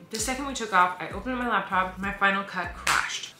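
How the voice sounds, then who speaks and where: A woman in her thirties talking fast and rambling in a casual vlog, stressed and overwhelmed. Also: mid-range voice, pushed and bright, echoey room. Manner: rapid, chatty and rambling. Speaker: vlogger. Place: hotel room.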